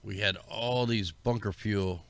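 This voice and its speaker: A man's voice: lowish voice, fairly even intonation, measured pace, gravelly, no room sound. A man hosting a livestream, rambling casually and conspiratorially as he talks through maps and greets his viewers. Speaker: livestream host. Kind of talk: casual commentary over maps.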